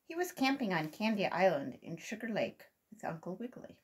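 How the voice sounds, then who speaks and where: Husky, expressive woman storyteller. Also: medium pitch, brisk. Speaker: volunteer reader. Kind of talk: children's storybook read-aloud.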